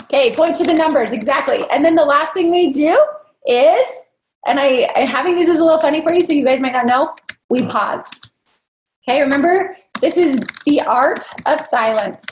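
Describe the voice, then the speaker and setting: A woman's voice: high voice, normal speed, roomy sound, slight background noise. A woman trainer leading an interactive online workshop, upbeat and coaxing as she quizzes her audience. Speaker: dental practice trainer leading a live workshop.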